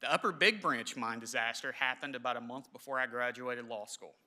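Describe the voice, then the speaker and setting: Emotional, halting man. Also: medium pitch, pushed and bright. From southern West Virginia. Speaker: government official speaker. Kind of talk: memorial ceremony speech. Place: large indoor hall.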